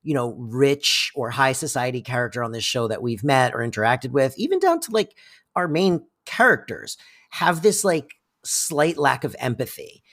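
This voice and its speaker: Podcast co-host, mid-pitched voice, casual analytical chat, thoughtful, rambling. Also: sing-song, moderate pace, fairly bright tone. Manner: thoughtful, rambling, many fillers and restarts.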